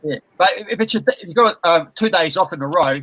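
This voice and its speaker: A man chats in a rambling way, stumbling over repeated words and fillers. His voice is bright and sits a little high. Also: animated, fairly quick, no room sound, poor audio. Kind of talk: casual chat.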